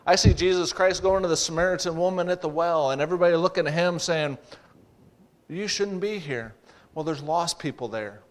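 Male preacher, slightly high voice, emphatic sermon delivery with repeated phrases. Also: fast talker, few pauses.

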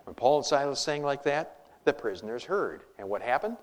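A man preaching a sermon in church, emphatic and lively, with humorous asides. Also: mid-range voice, normal speed.

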